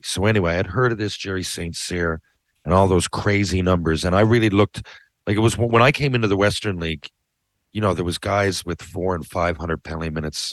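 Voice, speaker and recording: Deep-voiced rambling, profane male podcaster. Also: a bit bright, dry recording. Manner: rambling, profane, self-interrupting. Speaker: podcast host. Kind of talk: casual storytelling. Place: his living room.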